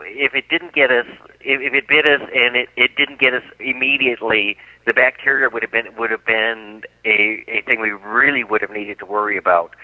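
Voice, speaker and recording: Speaking in a lowish voice on a dry, phone-like connection, a guest author on the radio tells an animated story, vividly acting out what people said.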